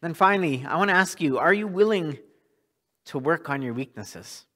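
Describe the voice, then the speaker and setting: A man's voice: fairly high pitch, lively intonation, normal speed, pushed and bright. A male pastor preaching a sermon in a church, earnest and often repeating words as he restarts a thought.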